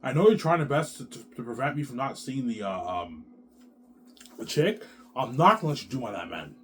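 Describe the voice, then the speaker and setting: A man's voice: mid-range voice, sing-song, fairly quick, a bit bright, a little hiss or hum. A man in his thirties talking in an agitated, repetitive rambling monologue, swearing a lot. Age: 30s. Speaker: vlogger.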